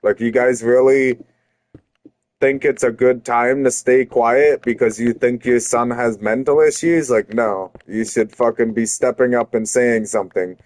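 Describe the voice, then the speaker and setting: A man's voice: medium pitch, fairly even intonation, unhurried, dry recording. Male streamer, angry profane storytelling, dry close sound. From Canada. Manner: heated, profane, rising to shouted retorts.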